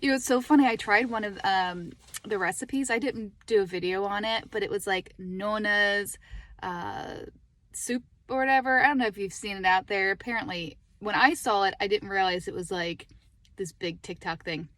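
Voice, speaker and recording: A middle-aged woman chats casually into her phone while sitting in her parked car. She is animated and talkative, laughing easily between stories. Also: mid-range voice, moderate pace, dry recording. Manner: chatty, animated, laughing often. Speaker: lifestyle vlogger. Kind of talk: casual talk to camera.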